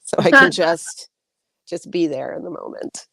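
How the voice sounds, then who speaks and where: Female author guest, lowish voice, dry sound, chatty and rambling on a video call. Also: sing-song, moderate pace, creaky, pushed and bright, no room sound, in a whisper. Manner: chatty, many likes and restarts. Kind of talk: casual interview answers.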